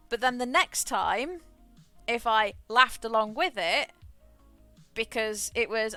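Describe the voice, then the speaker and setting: A woman's voice: fairly high pitch, slow, pushed and bright, no echo, soft background music. A woman streaming a game, chatting frankly, swearing freely and laughing often. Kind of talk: casual chat while gaming.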